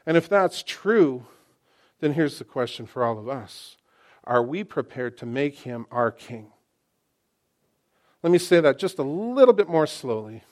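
A pastor in his sixties preaching a sermon, swinging between loud exclamations and hushed asides and repeating phrases for emphasis. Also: mid-range voice, animated, moderate pace.

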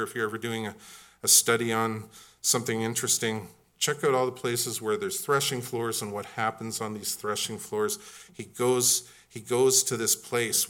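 A man's voice: mid-range voice, a bit bright. A man preaching a sermon in a conversational, humorous and emphatic way. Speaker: pastor.

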